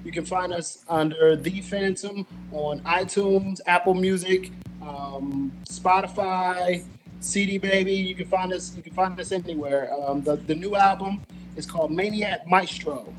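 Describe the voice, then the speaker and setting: A man's voice: high voice, a little slow, background noise. A man appearing as a guest musician, talking in a rambling way with lots of fillers and thanking his hosts. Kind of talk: casual interview chat.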